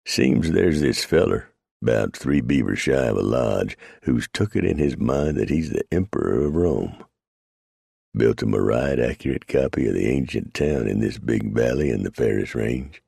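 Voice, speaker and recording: A man voicing a grizzled, dry-humored male mountain man with an unhurried frontier drawl, read as an audiobook. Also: extremely low pitch, animated, gravelly, mellow, breathy edge, dry recording, exaggerated voice.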